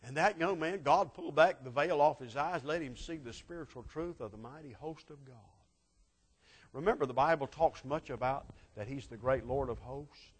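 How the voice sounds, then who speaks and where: A man preaching a sermon, telling a Bible story dramatically and swinging from loud peaks to hushed asides. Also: mid-range voice, moderate pace, slightly rough. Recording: long hall reverb.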